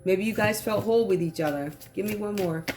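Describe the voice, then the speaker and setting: A woman giving a casual tarot reading, talking in lively slang and acting out what the cards seem to say. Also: mid-range voice, a little fast, a little hiss or hum. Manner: animated, slangy, acts out quoted voices. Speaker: tarot reader.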